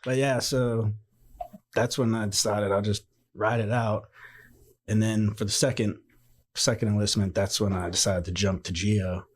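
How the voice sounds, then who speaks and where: A man's voice: fairly low pitch, normal speed. A man, a guest on a podcast, telling casual stories and acting out the people in them. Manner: animated anecdotes with quoted dialogue. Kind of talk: casual storytelling.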